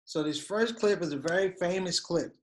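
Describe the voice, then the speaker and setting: A man's voice: sits high, normal speed, a little hiss or hum. A middle-aged man teaching a comedy writing workshop in a conversational, engaging way. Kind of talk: workshop talk.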